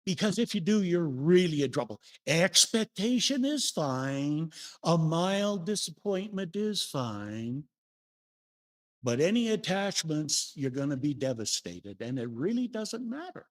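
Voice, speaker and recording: An older man preaches to his congregation in a relaxed, folksy way, telling stories from his own life. His voice sits a little high and swings widely up and down as he asks the room questions. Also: unhurried. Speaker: minister. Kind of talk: sermon. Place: church sanctuary.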